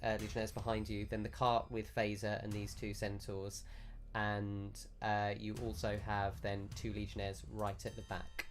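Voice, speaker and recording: Low-voiced man narrating a tabletop game. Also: moderate pace, few pauses, faint music behind. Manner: relaxed, descriptive. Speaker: game master.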